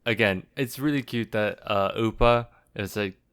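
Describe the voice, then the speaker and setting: A young adult man co-hosting a podcast in casual chat, relaxed and filler-heavy, often quoting his own reactions. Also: fairly low pitch, normal speed, clear, resonant tone. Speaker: podcast co-host.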